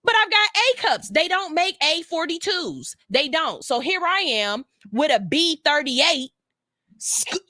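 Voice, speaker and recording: Woman radio host, joking and blunt, high bright voice, dry studio sound. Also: no echo. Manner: animated, joking, blunt and profane. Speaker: radio morning show host. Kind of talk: casual chat.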